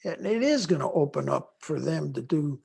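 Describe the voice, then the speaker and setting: Older guy on a video call, super gravelly husky voice, rambles and restarts a lot. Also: fairly high pitch, normal speed. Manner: rambling with restarts, animated retelling. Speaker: guest speaker, longtime voyage faculty. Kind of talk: conversational storytelling.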